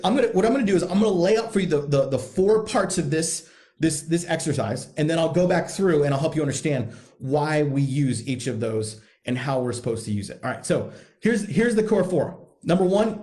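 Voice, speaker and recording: A man's voice: high voice, darkish tone. A man coaching husbands in a blunt, profane, emphatic monologue, hammering points home by repeating them. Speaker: podcast host, men's coach.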